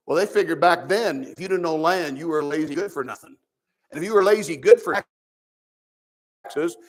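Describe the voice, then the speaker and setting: Male pastor, high voice, chatty preaching with sarcastic jabs, Sunday school sermon. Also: fairly bright tone. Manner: preachy, conversational, with sarcastic asides.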